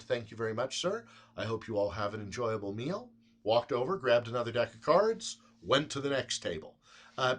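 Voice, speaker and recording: A man's voice: medium pitch, fairly bright tone. A man speaking to physicians in a conversational, storytelling lecture. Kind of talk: anecdotal lecture.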